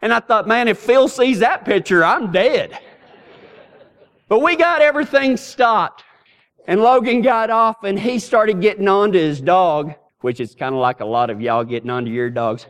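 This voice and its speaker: High-voiced folksy preacher man. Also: moderate pace, a bit bright. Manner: folksy, rambling, repeats words when starting sentences. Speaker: pastor. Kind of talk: storytelling sermon.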